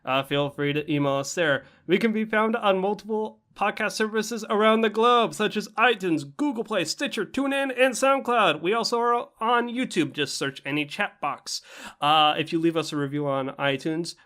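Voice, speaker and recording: A man's voice: sits high, fairly bright tone. A man hosting a casual podcast, introducing everyone with playful, grandiose flair. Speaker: podcast host.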